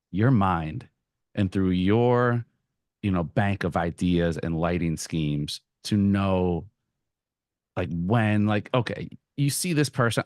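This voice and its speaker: Male interviewer, very low voice, eager rambling questions, dry close sound. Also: dry recording. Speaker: interviewer, street photographer. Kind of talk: casual interview conversation.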